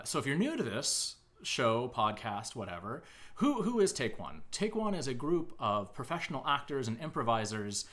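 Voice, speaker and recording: This is a man hosting a casual live-streamed chat. His pitch swings widely as he talks. He is animated and chatty, with plenty of fillers. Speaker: podcast host, improv actor. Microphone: booth microphone.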